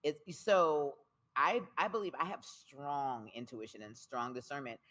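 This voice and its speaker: Bright-voiced, emphatic woman poet. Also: extremely low pitch, unhurried. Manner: expressive, emphatic, repeats phrases for rhythm. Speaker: guest, spoken word poet. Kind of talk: candid conversational interview.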